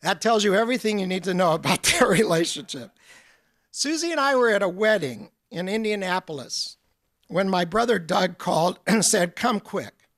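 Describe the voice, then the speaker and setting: A man's voice: sits high, lively intonation, normal speed, fairly bright tone, no room sound, clean studio sound. A man giving a lecture as a guest speaker, telling stories with humor. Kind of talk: storytelling lecture.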